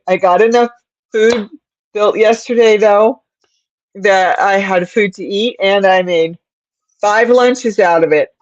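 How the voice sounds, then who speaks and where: A woman's voice: lowish voice, no room sound, muffled recording. A woman hosting a casual livestream, rambling to her viewers and her cat, with a stuffed-up nose and sleepy yawns. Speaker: livestream host.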